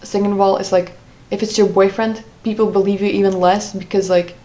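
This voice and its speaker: Woman vlogger, mid-range voice, halting personal storytelling full of fillers. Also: mid-range voice, level tone, warm tone, low-quality recording. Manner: hesitant, many "like" fillers and self-corrections.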